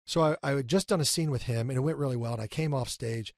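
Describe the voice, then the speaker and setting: Animated male guest, 50s, gravelly, dry close mic, storyteller. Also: mid-range voice, fast talker, no room sound. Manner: animated, acts out quotes, many fillers. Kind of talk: casual storytelling.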